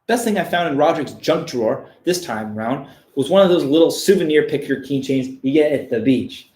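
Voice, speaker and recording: A man giving a deadpan, mock-serious reading of a children's book on a live stream, breaking off for crude asides. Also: a little high, brisk, echoey room, a little hiss or hum.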